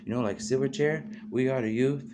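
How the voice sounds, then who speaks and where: Speaking a little fast at medium pitch, the male host free-associates through a casual, rambling monologue packed with "you know" and "man". The recording has a noisy background.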